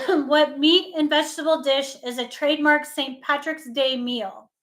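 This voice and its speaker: A woman's voice: high-pitched, fairly even intonation, a little slow, fairly bright tone. A woman co-hosting a casual livestream chat, reading trivia questions aloud and repeating the answers.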